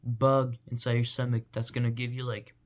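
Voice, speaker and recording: A man's voice: medium pitch, little pitch movement, moderate pace. A young man vlogging in a rambling, goofy casual monologue full of fillers.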